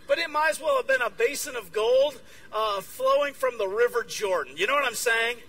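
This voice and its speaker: A bright, forceful male preacher with a high, animated voice that leaps all over the place. He delivers an energetic sermon to a conference crowd, acting out little exchanges as he goes. The mic sits at a distance, with a faint hum behind him. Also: moderate pace. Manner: energetic, acts out dialogue. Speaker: guest speaker. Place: conference room with audience.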